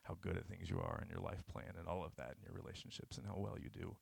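A young man giving an informal, earnest sermon that retells scripture. He swings between sudden shouted bursts and low, quiet passages. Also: fast talker, gravelly, slightly rough.

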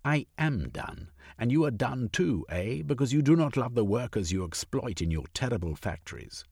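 A man voicing a self-assured gentleman debater who lectures and tags his points with questions. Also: medium pitch, lively intonation, moderate pace, gravelly, slightly rough, no room sound, clean studio sound, pitched above the performer's own voice. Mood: lecturing.

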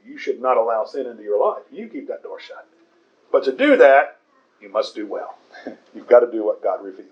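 A man preaching a sermon, explaining a Bible passage in an earnest, emphatic way with pauses and the odd chuckle. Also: medium pitch. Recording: dull lo-fi recording.

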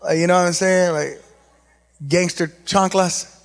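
A man with an East Los Angeles accent preaching a sermon as an animated story, acting out quotes with lots of "like" and "you know". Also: sits high, unhurried, big-room sound.

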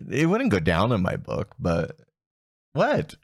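A man with a lowish voice in casual conversation, lively in pitch and given to wry, dry jabs. He sounds close to the mic, with no echo around him. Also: slow. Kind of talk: casual chat.

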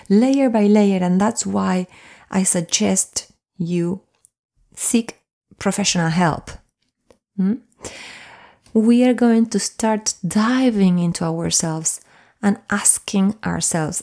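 Slow, gravelly-voiced woman podcast host. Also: mid-range voice. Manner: soft and soothing, drops into whispers at times. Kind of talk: slow, gentle self-help podcast talk.

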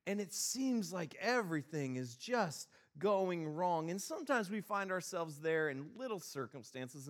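A male pastor telling a funny personal story, then preaching a sermon with a lively, exasperated manner. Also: mid-range voice.

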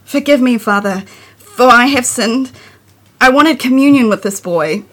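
A woman recites her poetry in a measured, expressive way. Her voice is breathy and sits fairly high. She lingers on the images as she reads. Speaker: poet. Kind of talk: poetry reading.

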